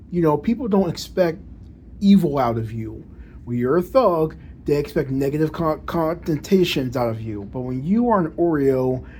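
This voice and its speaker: A man's voice: on the high side, warm tone, a little hiss or hum. A man talking casually to camera in a monologue, with proper, careful diction and frequent restarts and repeated words. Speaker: vlogger.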